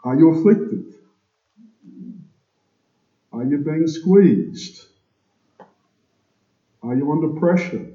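A man preaching a sermon to his congregation, slow and emphatic, asking rhetorical questions. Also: a little high, lively intonation, warm tone. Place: church. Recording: echoey, dull church recording.

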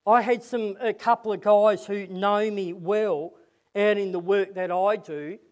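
A man's voice: sits high, fairly even intonation, measured pace, darkish tone. A man preaching a sermon and leading a prayer, earnest, often repeating words as he goes.

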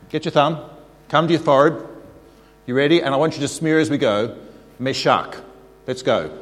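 Guy preaching to a congregation, gets them to repeat after him, big hall reverb. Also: mid-range voice. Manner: animated, leads the congregation in call-and-response. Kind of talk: sermon. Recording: long reverb of a large hall.

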